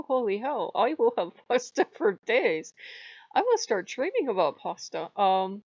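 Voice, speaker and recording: A woman's voice: fairly high pitch, big pitch swings, measured pace, breathy edge, dry recording. Chatty woman vlogger, giggly and playful, dry and slightly dull sound. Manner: chatty, laughs often, breaks into bright quoted voices. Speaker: video blogger. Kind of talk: casual chat.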